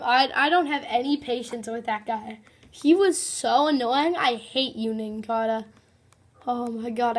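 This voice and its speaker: A high-pitched woman talks through her game in chatty, excitable commentary. She exclaims often and keeps a casual, running patter. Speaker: let's play host.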